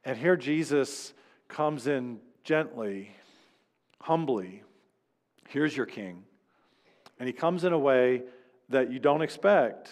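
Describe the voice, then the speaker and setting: A man's voice: medium pitch, expressive, takes it slowly, darkish tone, in a large hall. A man preaching a sermon as pastor in a church, speaking conversationally and acting out quoted lines. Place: church sanctuary.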